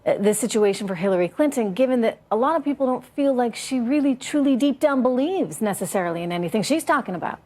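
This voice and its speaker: A woman anchors a cable news panel, moving between guests with brisk, pointed questions. Her voice sits a little high, and she keeps the discussion tight. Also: lively intonation, mellow. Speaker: TV news host.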